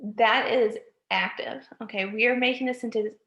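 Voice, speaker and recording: A woman's voice: a little high, steady tone, moderate pace, creaky, a bit bright, dull audio. A woman, a college writing instructor, giving a recorded lecture, often checking in with "okay?" and correcting herself mid-sentence. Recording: echoey room.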